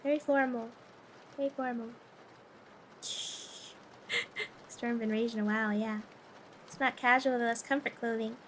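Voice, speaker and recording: A woman's voice: on the high side, steady tone, a little slow, pauses often, a bit bright, slight background noise. A young woman streamer chatting casually with viewers, playful and flustered, laughing often.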